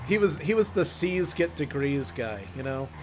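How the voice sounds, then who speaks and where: A man's voice: on the high side, expressive, moderate pace, slight background noise. Swearing, laughing young male streamer. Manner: laughs often, swears, bursts into loud yelling impressions. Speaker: streamer co-host. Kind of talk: casual gaming stream chat.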